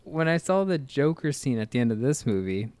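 A man in the middle of an easygoing movie commentary chat, his voice sitting at an ordinary pitch. He wanders through his thoughts with frequent fillers, pauses and restarts. The sound is close and dry, with no room echo. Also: big pitch swings, a little mellow, smooth. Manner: rambling, hesitant, lots of fillers and restarts. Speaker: podcast co-host.

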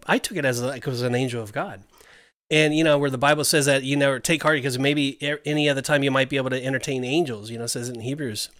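A man, a pastor, co-hosting a Christian podcast. His voice is bright and recorded dry and close, and he speaks earnestly, moving from chat into gentle preaching. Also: medium pitch, dry recording.

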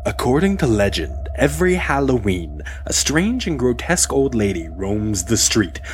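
A man's voice: mid-range voice, big pitch swings, normal speed, slight background noise. Playful man hosting a podcast. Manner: playful, laughs often. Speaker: podcast host. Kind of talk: casual chat and reading aloud.

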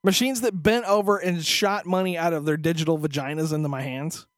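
A man's voice: a little high, fairly even intonation, a little fast, no echo, studio quality. A man co-hosting a podcast, telling a story as a profane, exasperated rant in casual chat. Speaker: podcast co-host.

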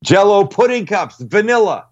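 A man's voice: high-pitched, sing-song, normal speed, a little mellow, highs cut off. A middle-aged man chatting casually on a radio show as a cooking guest, brash and profane, walking through recipes step by step.

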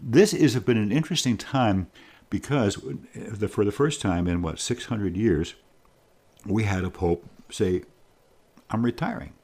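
A man's voice: lowish voice, unhurried, warm tone. A man interviewing a guest in a reflective, rambling way. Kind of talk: conversational interview.

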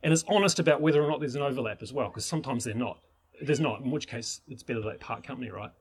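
A man's voice: medium pitch, fast, husky. A man teaching permaculture in an enthusiastic, rambling way, with many restarts. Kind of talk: informal teaching talk.

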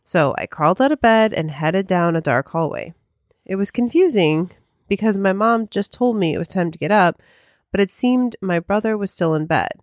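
A woman's voice: medium pitch, animated, normal speed, dry recording, studio quality. A woman co-hosting a podcast in casual chat, chatty and full of fillers. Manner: chatty, filler-heavy, hesitant. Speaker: podcast co-host.

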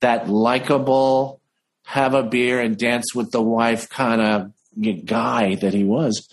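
Male guest, husky tone, mid pitch, animated anecdotal delivery with deliberate slow beats. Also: low-quality recording. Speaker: impressionist guest. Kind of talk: casual interview chat.

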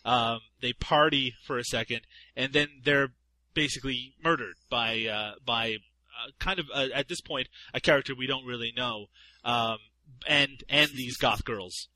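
A man's voice: medium pitch, unhurried, sharp tone, rough recording. A man co-hosting a casual film review chat, laughing often and swearing freely. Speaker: podcast co-host.

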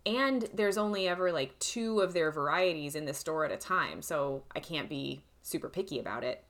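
A young woman co-hosting a casual chat, telling animated stories and laughing often. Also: low-pitched, normal speed. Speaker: podcast co-host.

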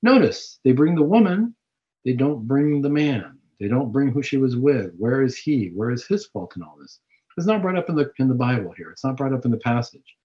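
Animated man preaching on scripture. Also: mid-range voice, normal speed. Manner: animated, rhetorical questions, retells scripture. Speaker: host of a Catholic talk show. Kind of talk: preaching-style reflection on scripture. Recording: dull lo-fi recording.

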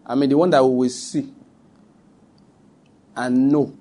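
A man's voice: medium pitch, steady tone, measured pace, mellow. A middle-aged Nigerian man preaching a sermon, emphatic and direct, repeating his points and speaking straight to his listeners.

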